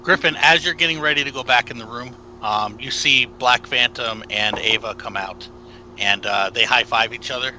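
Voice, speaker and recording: A man narrating as game master of a tabletop game, relaxed and explanatory, calling for rolls. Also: mid-range voice, moderate pace, slight background noise, low-quality recording.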